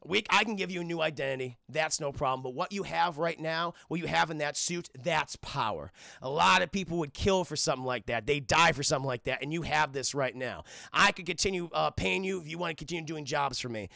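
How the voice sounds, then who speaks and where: A man voicing a cold, scheming middle-aged tycoon who talks low, slow and persuasive. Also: vocal fry, sharp tone, no room sound, clean studio sound.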